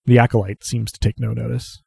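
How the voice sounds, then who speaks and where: A man narrating a tabletop game as game master, in a measured, descriptive way. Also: mid-range voice, little pitch movement, gravelly, darkish tone, slightly rough, no room sound.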